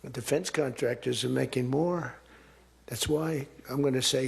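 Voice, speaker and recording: A man's voice: mid-range voice, moderate pace, vocal fry. A man giving a rambling, boastful, off-the-cuff political speech in a large auditorium, full of repetition. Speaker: political speaker.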